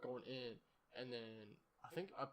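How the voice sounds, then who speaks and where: A man's voice: mid-range voice, measured pace, crowd noise. A young man hosting a podcast, telling a story in a rambling, profane, casual way and laughing at himself. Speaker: podcast host.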